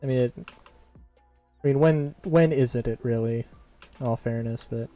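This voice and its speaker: During a live game stream, a streamer who also does voice acting rambles casually, often starting sentences over and laughing. The voice is mid-range, warm, and unhurried, with faint game music and typing behind it.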